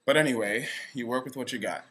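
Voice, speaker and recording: A man's voice: mid-range voice, quick pace, a bit bright. A young man vlogging to camera in a rambling, self-deprecating way. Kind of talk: casual direct-to-camera vlog. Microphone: camera facing speaker.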